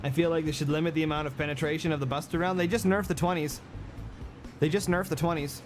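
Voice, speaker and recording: A man's voice: on the high side, steady tone, quick pace, music in the background. A man giving brash, joking game livestream commentary and coaching his viewers. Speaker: game streamer.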